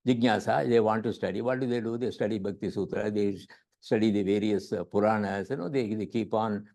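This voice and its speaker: A man with an Indian accent lectures on scripture as a yoga teacher. His voice is gravelly and mellow. He repeats his words and often checks in with "right?". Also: fairly low pitch, a little fast.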